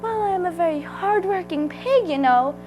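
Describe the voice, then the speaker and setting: A woman voicing a small, clever male piglet who pleads in a high, drawn-out voice in a read-aloud storybook. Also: animated, music in the background. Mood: sly. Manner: squealing, high, drawn-out pleas.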